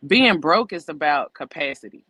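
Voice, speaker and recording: A woman's voice: deep voice, expressive, normal speed, bright, forceful tone, no echo, poor audio. A woman co-hosting a casual podcast, giving blunt, emphatic opinions laid out as numbered points. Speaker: podcast co-host.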